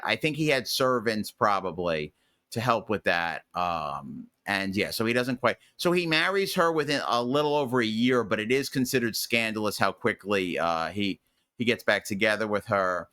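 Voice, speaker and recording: A man with a bright, forceful voice talks through history in a loose, rambling way. He is opinionated and full of fillers and restarts, like a podcast host chatting casually. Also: lowish voice, expressive, normal speed.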